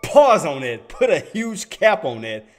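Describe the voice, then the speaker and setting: A man's voice: a little high, sing-song, measured pace, faint music behind. A man hosting a live day-trading stream, talking casually to his chat in slang and laughing often.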